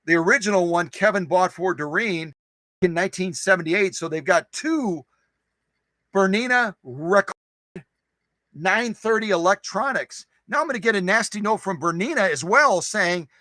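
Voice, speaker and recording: Man, live stream host, high voice, dry close sound, goofy, playful, casual chat. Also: animated, normal speed, sharp tone, dry recording, low-quality recording. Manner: playful and goofy, jokes and repeats phrases.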